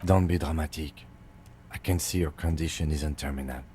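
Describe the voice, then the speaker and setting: Man doing a stern police lieutenant, low voice, clipped, dry. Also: fairly even intonation, moderate pace, dark tone, a little hiss or hum.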